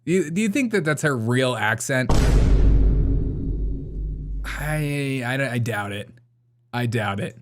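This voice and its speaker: A man's voice: mid-range voice, lively intonation, takes it slowly, pauses often, heavy background noise. A man co-hosting a comedy show, mocking video clips with frequent laughter. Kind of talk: casual commentary on video clips.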